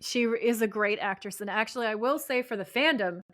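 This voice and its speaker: A woman co-hosting a podcast, chatting casually as she recaps a TV episode and acts out the characters' lines with lively voices. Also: fairly high pitch, a little fast, no echo, clean studio sound. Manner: animated, acts out quoted lines. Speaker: podcast co-host.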